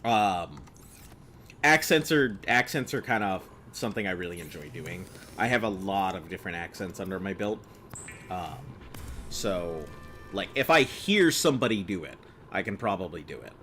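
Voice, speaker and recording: American man, fairly low voice, casual gameplay commentary, rambling, chatty, faint ambient noise. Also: big pitch swings, normal speed, bright, forceful tone. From United States. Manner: rambling, chatty, laughs at own jokes. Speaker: streamer.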